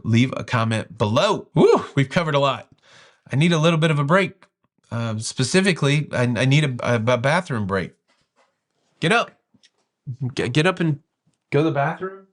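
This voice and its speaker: A man hosting a cruise news show in a casual, chatty and jokey manner. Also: mid-range voice. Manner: chatty, jokey, lively delivery.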